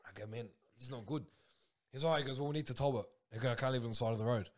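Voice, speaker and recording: A man's voice: mid-range voice, rapid-fire. A young Australian man, a podcast co-host, telling a story in casual, slangy talk and acting out his own reactions.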